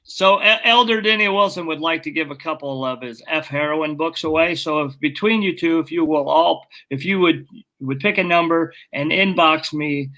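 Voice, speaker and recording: Ohio male host, a touch high, bright, halting delivery. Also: poor audio. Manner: halting, repeats words. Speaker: show host. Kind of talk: hosting a livestream chat.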